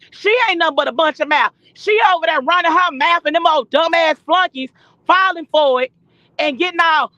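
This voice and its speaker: Loud high-voiced woman ranting profanely. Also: no echo. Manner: loud, profane, confrontational, fast bursts. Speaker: guest caller on a live stream. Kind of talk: heated ranting on a live stream. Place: in a car while driving. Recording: muffled lo-fi stream audio.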